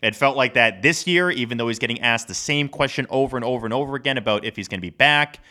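A man co-hosting a podcast in casual, rambling sports chat, animated and laughing often. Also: medium pitch, quick pace. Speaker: podcast co-host.

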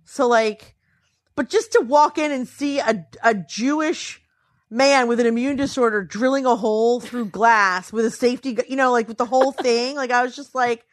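A tired woman tells a story in casual chat. Her voice sits a little high, and she throws it around to act out what people said. The sound is dry and close. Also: normal speed, dry recording. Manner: animated, acts out quotes with pitch swings.

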